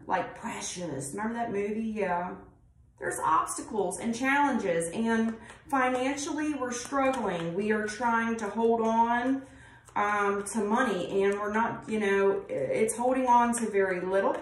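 A woman giving a casual tarot reading, talking bluntly and rambling, with frequent swearing. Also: fairly high pitch. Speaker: tarot reader. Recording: roomy, distant mic, faint noise.

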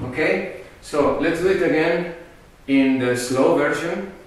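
A man's voice: fairly high pitch, measured pace. Echoey distant man counting dance beats. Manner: counting beats aloud, checking in with okay. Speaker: tango teacher. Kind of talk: dance class instruction. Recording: echoey room from a distance with music. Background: metronome and faint music.

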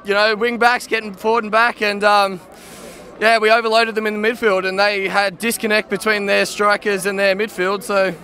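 A man's voice: sits high, little pitch movement, moderate pace, sharp tone. A man, a show listener, giving a matter-of-fact tactical rundown. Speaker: podcast listener, fan.

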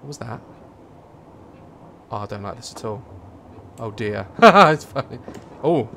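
A man's voice: mid-range voice, lively intonation, measured pace, gravelly, bright, forceful tone, a little hiss or hum. A young man commentating a horror game, joking nervously and breaking into sudden screams. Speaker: gaming YouTuber.

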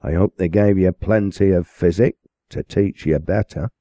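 A man doing a gruff old parson, Lancashire accent, growly scolding, raised pitch. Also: normal speed, mellow, no echo, natural voice. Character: gruff older male parson, rough-tongued.

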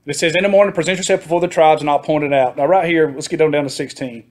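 A man's voice: fairly high pitch, fast talker. Chatty man teaching a Bible class. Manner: chatty, laughs often, asks the class questions. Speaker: Sunday school teacher.

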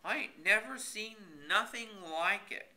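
A stubborn country man holds forth about letters in bright, lively, raised tones, put on by a male reader. He talks in folksy, ungrammatical speech and argues every point. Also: high voice, slow pace, voice pushed up, heavily acted. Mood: exasperated. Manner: folksy rural grammar, argumentative. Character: stubborn rural grown man, fussy about spelling.

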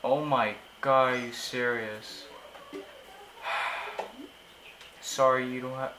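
Guy gaming at home, easily annoyed, keeps yelling are you serious, clear hum under the mic. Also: medium pitch, slow pace. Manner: excitable, exclaims often, easily frustrated. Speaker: gaming YouTuber. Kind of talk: casual gameplay commentary.

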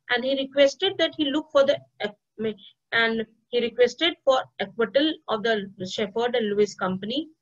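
A woman gives a spoken history lesson, halting and restarting often with many fillers. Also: a little high, fairly bright tone. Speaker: history teacher. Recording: dull lo-fi recording.

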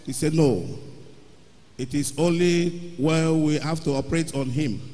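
A man telling his testimony at a worship service, with excited storytelling that rises into loud exclamations. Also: a little high, unhurried, soft background music. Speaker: church member giving testimony. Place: large church hall. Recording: long hall reverb.

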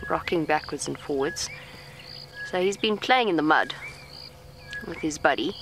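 A woman safari guide, speaking softly and calmly outdoors, coaxing an elephant and explaining to viewers. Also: deep voice, measured pace, long pauses. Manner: calm, coaxing, talks gently to the animal. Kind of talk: live commentary to viewers while coaxing an elephant. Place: outdoors in a safari vehicle in the bush. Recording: faint outdoor bush noise, insects.

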